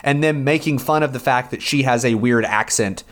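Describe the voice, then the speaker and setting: A man co-hosting a podcast, chatting casually about a TV episode, joking and thinking out loud. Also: mid-range voice, normal speed. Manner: animated, joking, talks through asides. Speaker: podcast co-host.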